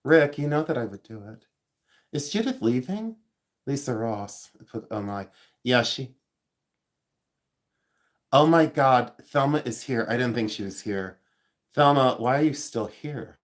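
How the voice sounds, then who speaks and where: Streaming from home, a fifty-something man talks in a mid-range voice with lively intonation, a little slowly and with long pauses. He wanders off topic, makes self-deprecating jokes, and reads viewers' comments aloud while thanking them by name.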